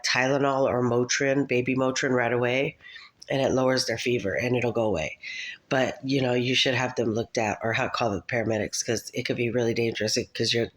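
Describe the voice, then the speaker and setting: A woman's voice: rumbling low, fairly bright tone, low-quality recording. A woman in her thirties, a mother talking straight to her viewers in a rambling, scattered way, often breaking into laughter. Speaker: vlogger, mother. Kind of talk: rambling casual monologue.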